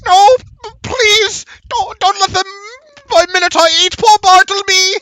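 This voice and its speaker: A man's voice: extremely high pitch, big pitch swings, slow pace, pushed and bright, voice pushed up, full character voice. A man voicing a nervous, stammering male halfling who lies to save himself. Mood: terrified. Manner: stammering, frantic.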